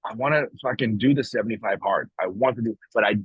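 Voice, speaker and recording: Husky guy on a podcast, rambling and emphatic, dry dull mic sound. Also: on the low side, quick pace, no echo. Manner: rambling, emphatic, swears casually. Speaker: podcast co-host. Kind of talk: casual morning chat.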